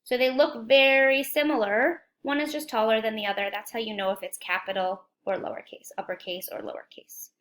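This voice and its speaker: A woman teaching a children's phonics lesson, speaking slowly and clearly, encouraging and asking young viewers questions. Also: fairly high pitch, steady tone, fairly bright tone. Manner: slow, clear, encouraging, asks questions to kids.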